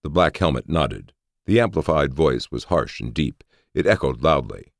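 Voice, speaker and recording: A man reading a story aloud with a very deep, gravelly voice that still rises and falls a lot. His delivery is expressive. The sound is dry and close to the mic. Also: normal speed, no room sound. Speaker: narrator. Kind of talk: audiobook narration.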